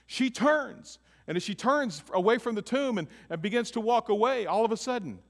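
A man preaching a sermon. His delivery swings between loud emphatic lines and hushed, near-whispered ones. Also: high-pitched, animated, brisk, hardly any pauses. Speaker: pastor. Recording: long hall reverb.

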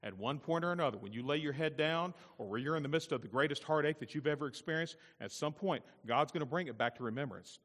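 A preacher delivers an emphatic sermon, repeating key phrases. His voice sits a little high and sounds bright and forceful, with a long reverb from a large church hall. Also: quick pace, few pauses. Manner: emphatic, repetitive preaching with swings between loud and quiet. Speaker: pastor.

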